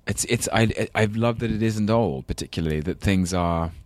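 A man's voice: lowish voice, normal speed, a little mellow, dry recording. An English man with a London accent, chatting thoughtfully as an interview guest, self-deprecating with many restarts. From England. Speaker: guest, actor. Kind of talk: casual interview chat.

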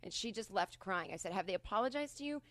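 A woman telling a story in casual chat, animated and swearing, acting out quotes loudly. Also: mid-range voice, fast talker, no room sound. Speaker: podcast guest.

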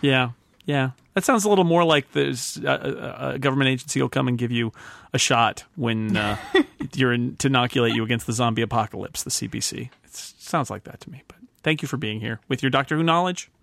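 A man's voice: mid-range voice, fairly quick, creaky, fairly bright tone, dry recording. A North American man hosting a podcast panel, chatty and jokey, laughing often as he wraps up. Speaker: podcast host. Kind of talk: casual panel podcast wrap-up.

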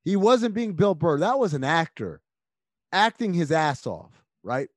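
A man talking casually and emphatically as a podcast guest, rambling with quick restarts. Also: on the high side, very animated, no echo, clean studio sound. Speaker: podcast guest, basketball analyst.

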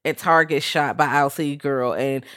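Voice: mid-range voice, fairly even intonation, unhurried, fairly bright tone, smooth, no echo, studio quality. A podcast co-host in casual chat, recapping a TV series in blunt, slangy talk and quoting the characters.

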